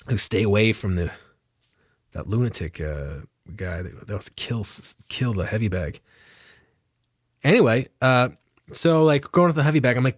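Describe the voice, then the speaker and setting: A man's voice: lowish voice, expressive, moderate pace, dry recording, clean studio sound. A man telling a rambling, self-mocking comic story with lots of swearing.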